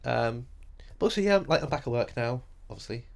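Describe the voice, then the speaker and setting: A man co-hosting a podcast in casual chat, relaxed, often laughing and pausing with ums. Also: mid-range voice, vocal fry. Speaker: podcast co-host.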